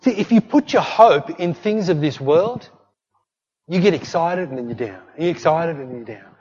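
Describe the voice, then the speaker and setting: Emphatic preacher in a reverberant hall. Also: male voice, a little high, lively intonation, moderate pace, a little mellow, slightly rough. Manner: emphatic preaching with repeated "hey" and "don't fret". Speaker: pastor. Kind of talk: sermon. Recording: long hall reverb, dull lo-fi sound.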